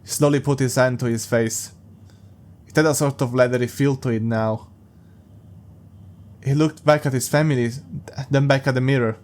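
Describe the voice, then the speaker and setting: A man at an everyday mid pitch reads a story aloud, then stops to mock it with sarcastic, amused asides. His delivery is casual, as in a relaxed podcast. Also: normal speed, long pauses. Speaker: podcast host reading a story. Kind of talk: casual reading with mocking commentary.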